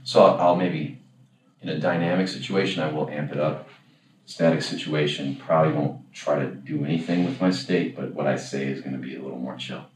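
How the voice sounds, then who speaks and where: A man's voice: very deep voice, steady tone, a little fast. A man coaching a class in a casual, rambling way, often correcting himself and acting out example lines. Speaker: dating coach. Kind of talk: casual workshop lecture. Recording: echoey room, far from the mic, faint background noise.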